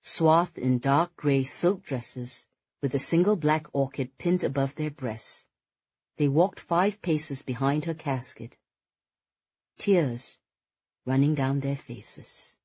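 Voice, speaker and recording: A narrator reading a novel aloud in a measured, even storytelling manner. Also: medium pitch, husky, no room sound, dull audio. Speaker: audiobook narrator. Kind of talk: scripted audiobook narration.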